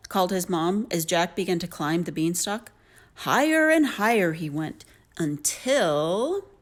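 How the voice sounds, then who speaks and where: A woman reading a children's story aloud with a lively, lilting delivery. Her voice sits fairly low for a woman, yet it rises and falls widely through every sentence. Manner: animated, lilting. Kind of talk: expressive read-aloud storybook narration.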